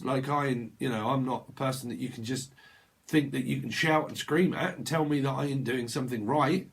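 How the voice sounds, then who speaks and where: A man giving a loose, chatty tarot reading. His voice sits a little higher than most men's, and he drifts from one word association to the next. Now and then he slips into quick, silly voices for the customers he describes. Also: expressive, vocal fry. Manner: rambling, playful word association. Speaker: tarot reader. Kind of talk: casual tarot reading monologue.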